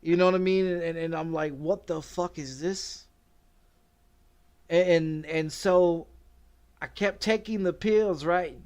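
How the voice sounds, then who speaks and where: A man's voice: on the high side, a little slow, long pauses, darkish tone. A middle-aged man telling a long, rambling personal story with lots of swearing and frequent laughter, as a streamer talking casually. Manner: rambling, profane, laughing often.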